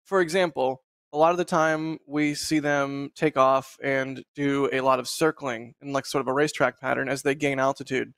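A man's voice: mid-range voice, moderate pace, few pauses, clean tone, dry recording. A man hosts a casual live stream, rambling easily and laughing as he goes. His voice sits in a middle range, and the sound is dry and close, as over a video call. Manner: relaxed, rambling, laughs often. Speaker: host.

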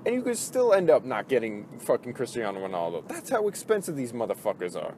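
A man's voice: mid-range voice, huge pitch swings, fairly quick, hardly any pauses, a little mellow, a little hiss or hum. Profane, frustrated man ranting casually. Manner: frustrated, profane, rambling with many fillers. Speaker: gaming video host.

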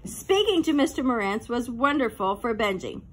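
A woman reading a children's novel aloud as narrator, with clear, lively storytelling. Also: on the high side, normal speed.

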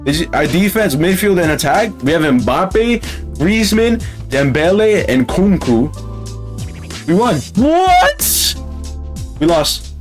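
A man commentating on his own football game matches, excitable and yelling at the screen. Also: fairly high pitch, a little slow, soft background music. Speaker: gaming channel host. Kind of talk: gaming commentary.

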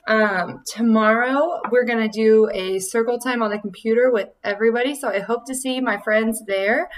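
A young woman teaching a preschool circle time from home, talking slowly and clearly in a sing-song way for small children. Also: fairly high pitch, recorded from a distance, rough recording.

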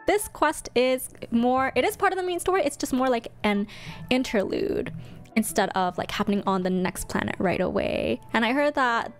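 A young woman streamer chatting casually while reacting to a game, excitable and chatty. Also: a little high.

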